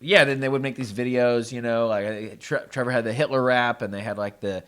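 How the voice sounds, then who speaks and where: Male comedian guest, casual animated storyteller, rambling delivery. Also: medium pitch, brisk. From Los Angeles. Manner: rambling, animated, acts out quotes.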